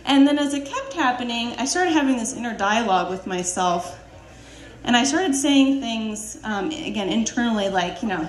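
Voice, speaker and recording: A woman's voice: fairly high pitch, lively intonation, moderate pace, echoey room. A woman telling a personal story live on stage, laughing often, with many fillers and restarts.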